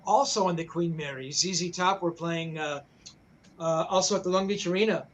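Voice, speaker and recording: A man's voice: fairly high pitch, moderate pace, a little hiss or hum, rough recording. An older man, a rock journalist, telling a backstage story in casual, rambling talk, full of swearing, fillers and restarts.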